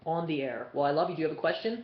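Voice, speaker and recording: A man hosting a live fan chat, talking casually, excitable and swearing, shouting bursts and then mumbling while reading. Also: fairly high pitch, racing. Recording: dull lo-fi webcast audio with faint noise.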